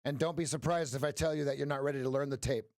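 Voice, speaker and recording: A man coaching viewers through live trades on a stream, energetic and direct, his voice starting to go hoarse. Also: medium pitch, quick pace, no echo, clean studio sound. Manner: energetic, talks straight to viewers with frequent "right?". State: losing his voice. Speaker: trading coach. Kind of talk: live-stream trading commentary.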